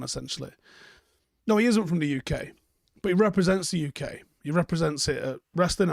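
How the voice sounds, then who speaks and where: A man's voice: fairly high pitch, vocal fry, no echo, studio quality. A man hosting a live stream, chatting casually and bluntly while reading out viewer comments, swearing freely.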